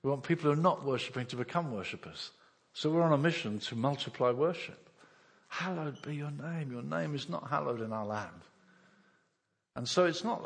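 A male pastor preaching a sermon, swinging between loud bursts and hushed asides. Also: fairly high pitch, expressive, moderate pace, in a large hall. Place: church hall.

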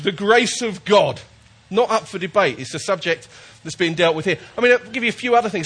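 A man's voice: sits high, a bit bright, breathy edge. A man preaching a chatty, jokey sermon while he has a cold, often checking in with his listeners.

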